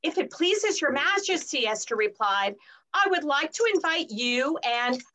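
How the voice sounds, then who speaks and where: A woman reading a scripture story aloud, slowly and expressively. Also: sits high, poor audio. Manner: slow and expressive.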